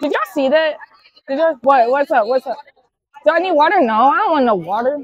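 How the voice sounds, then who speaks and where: A teenage girl with a high voice teases her friends loudly and excitably. Her clip-on mic sounds dry and close. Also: fairly quick, no echo, highs cut off, faint music behind. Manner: loud, teasing, excitable. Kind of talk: casual chat. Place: outdoor football stadium.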